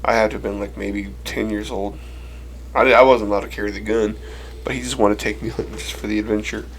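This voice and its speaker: A man's voice: lowish voice, fast talker, slight background noise. A man telling funny childhood stories on a casual podcast, acting out the voices and laughing. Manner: animated storyteller who acts out quotes and laughs. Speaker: co-host.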